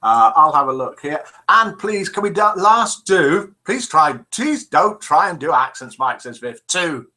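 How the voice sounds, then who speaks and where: A man's voice: on the high side, sing-song, unhurried, few pauses, sharp tone. An older man hosting a live chat stream, reading out viewers' messages in a chatty, self-deprecating way with many "uh" fillers. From England. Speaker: host of a live chat show.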